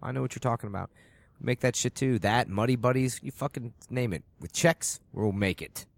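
A man's voice: medium pitch, a little fast, gravelly, no echo. A man co-hosting a podcast, teasing his co-host in profane casual chat and laughing often.

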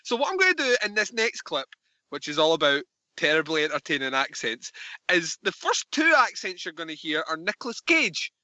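Bright, enthusiastic man hosting a film podcast. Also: a little high, huge pitch swings, fairly quick, no echo, lo-fi sound. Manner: enthusiastic, swearing. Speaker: podcast host. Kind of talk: casual film review chat.

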